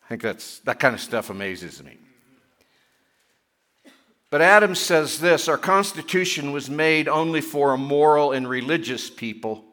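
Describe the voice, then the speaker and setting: Male pastor, middle-aged, slightly high, bright tone; casual sermon with joking asides. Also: lively intonation, measured pace. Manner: chatty, self-deprecating asides between scripture readings; rising in pitch and force when reading and pressing scripture.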